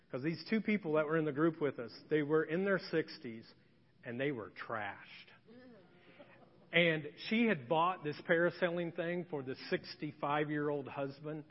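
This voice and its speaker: High-voiced preaching man. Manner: animated storytelling. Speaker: pastor. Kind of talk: sermon. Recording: dull echoey church hall recording.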